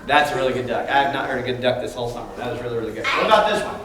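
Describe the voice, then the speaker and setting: A man's voice: medium pitch, very fast. Give me a man leading an animal show for kids, recorded from afar in a roomy hall. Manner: lively call-and-response with a crowd of kids. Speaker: animal educator. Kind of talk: live animal show for children. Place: large library room with a child audience. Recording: echoey hall, distant mic, crowd noise.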